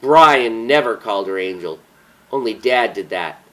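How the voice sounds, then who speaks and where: A man's voice: fairly low pitch, expressive, measured pace, low-quality recording. Man narrating a somber audiobook.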